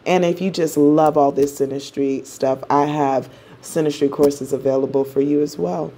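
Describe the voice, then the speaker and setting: Chatty woman teaching astrology, low voice. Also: steady tone, normal speed, dark tone, slight background noise. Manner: chatty, playful, explanatory. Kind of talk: casual teaching.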